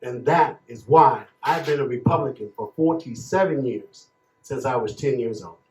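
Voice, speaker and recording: A man in his fifties from Chicago, giving emotional, preacher-like testimony as a panel speaker with slow emphatic phrases. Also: medium pitch, a little mellow, a little hiss or hum. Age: 50s. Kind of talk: impassioned testimony. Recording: echoey room, dull lo-fi sound.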